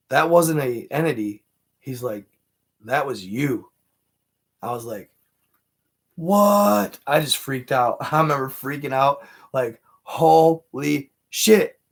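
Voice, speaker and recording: A man hosting a casual livestream, rambling through a personal story with lots of fillers and restarts. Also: mid-range voice. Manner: rambling, filler-heavy, animated retelling. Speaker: livestream host.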